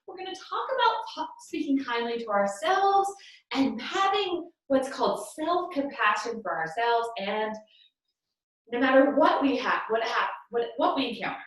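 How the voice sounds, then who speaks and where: A woman's voice: on the high side, big pitch swings, normal speed. A young woman leading a children's yoga lesson with upbeat, encouraging, sing-song prompts, recorded at home by a camera at a distance. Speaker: kids yoga teacher. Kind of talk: guiding a children's movement lesson. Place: room at home. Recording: echoey room, voice off-mic.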